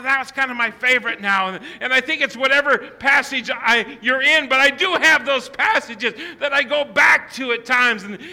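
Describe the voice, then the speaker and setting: Older guy preaching, super bright high voice, lots of restarts, long hall reverb. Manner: emphatic, repetitive preaching with frequent restarts. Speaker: pastor. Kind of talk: sermon. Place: church sanctuary.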